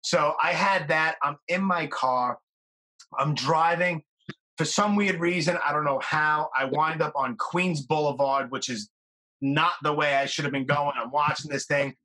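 A man in casual podcast chat, telling a lively story and swearing casually. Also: on the high side, a little slow, poor audio.

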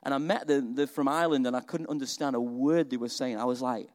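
A man preaching a sermon in a lively, conversational way, often asking his listeners questions. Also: medium pitch, normal speed. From England.

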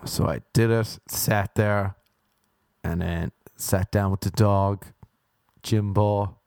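A man's voice: on the low side, fairly even intonation, slow, vocal fry, a little mellow, no echo, clean studio sound. A young Irish man telling rambling, sweary, self-mocking stories in a casual monologue, acting out other people's voices as he goes. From Ireland.

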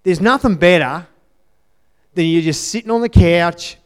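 With a high-sitting, clear and resonant voice at a measured pace, a man gives his church testimony. The sermon feels conversational and earnest, and he keeps repeating his main phrases.

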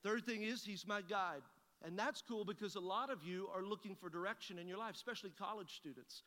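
Folksy pastor, man, bright voice in a hall. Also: high-pitched, fairly quick. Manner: folksy storytelling, acting out both sides of a conversation. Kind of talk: sermon with a personal story. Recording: long hall reverb.

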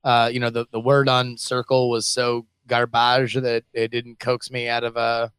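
A man's voice: medium pitch, completely flat delivery, normal speed, a bit bright, clear, resonant tone, dry recording. A man co-hosting a casual movie chat, rambling with lots of fillers and restarts. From United States. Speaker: podcast co-host.

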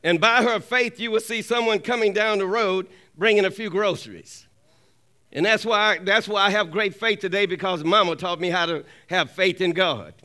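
A man's voice: high-pitched, normal speed, pushed and bright. A man preaching a sermon with emphatic call-and-response, often asking the congregation for an amen and repeating key lines for emphasis.

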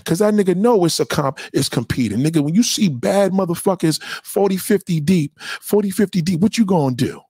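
Brief: young adult male streamer, husky, animated pitch, heated profane slang rant, dry close sound. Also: brisk, few pauses, dry recording. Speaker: livestream host answering chat. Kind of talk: casual livestream rant.

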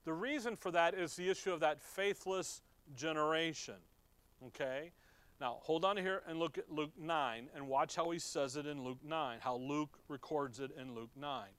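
Man preaching a Bible study, slightly high voice, dry close sound, asks questions, reads verses. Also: normal speed, fairly bright tone, clean tone, no room sound. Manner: conversational, reads scripture aloud, asks the listeners questions. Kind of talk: Bible teaching sermon.

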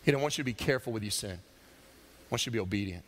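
A man's voice: lowish voice, fast, in a large hall, slight background noise. A man preaching a sermon, acting out characters' voices as he tells stories. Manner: animated storytelling, acting out voices. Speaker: pastor.

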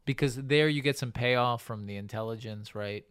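A man co-hosting a podcast in casual chat, animated and quick to laugh, trailing off into fillers. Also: medium pitch, clear, resonant tone, dry recording, studio quality. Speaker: podcast co-host.

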